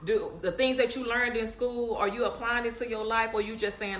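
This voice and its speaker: A woman gives a casual faith talk on her podcast, speaking directly to her listeners in a chatty, preachy way. Her voice is bright and forceful. The recording is roomy and echoey, with a faint hum underneath. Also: fairly high pitch, steady tone, brisk, few pauses. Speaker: podcast host.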